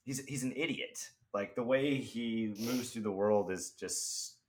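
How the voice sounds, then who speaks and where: A man co-hosting a podcast about old films, talking in halting, stop-start bursts as he vents in casual chat. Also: medium pitch, a little hiss or hum. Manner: halting, many fillers and restarts, ranting. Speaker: podcast co-host.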